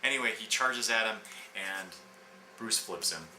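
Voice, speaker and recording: Male reviewer, low voice, loose and rambling delivery; roomy echo, audible background noise. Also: a little slow, sharp tone. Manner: rambling, many fillers and restarts. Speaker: comic book reviewer. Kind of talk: casual review, retelling scenes. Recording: echoey room with background noise.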